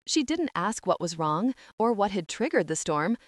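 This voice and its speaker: A woman narrating a novel as an audiobook reader, in even, expressive storytelling. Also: mid-range voice, moderate pace, no echo, studio quality. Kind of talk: scripted narration.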